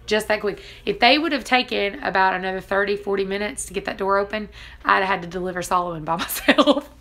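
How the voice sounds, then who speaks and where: A woman's voice: mid-range voice, quick pace, fairly bright tone. A woman in her thirties, a vlogger and mother, chatting casually and telling stories, acting out quotes and laughing often. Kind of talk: casual chat.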